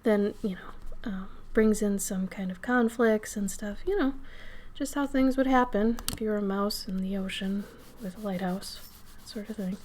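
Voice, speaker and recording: A hoarse woman, getting over an illness, chatting casually on a live stream while she draws; her voice crackles and she often drifts into soft whispers, speaking right up close to the mic. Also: mid-range voice. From Minnesota. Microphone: microphone close to the face.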